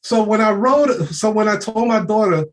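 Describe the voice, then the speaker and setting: A man's voice: high voice, moderate pace. A man giving an unscripted motivational rant, streetwise, profane and emphatic, often laughing. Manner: streetwise slang. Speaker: motivational speaker.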